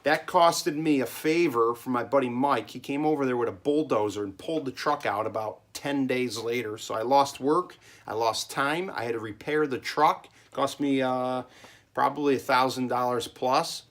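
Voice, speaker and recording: A man's voice: mid-range voice, moderate pace, a bit bright. Emphatic man rambling in his cellar. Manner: emphatic, rambling, keeps checking in with "okay?". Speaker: small business owner giving advice. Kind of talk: casual monologue vlog. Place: home cellar.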